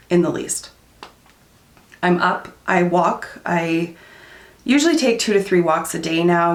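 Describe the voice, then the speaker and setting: Chatty woman with a gravelly voice. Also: on the low side, reverberant. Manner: chatty, candid, frequent "um" and "like". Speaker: beauty vlogger. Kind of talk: casual chat while doing makeup.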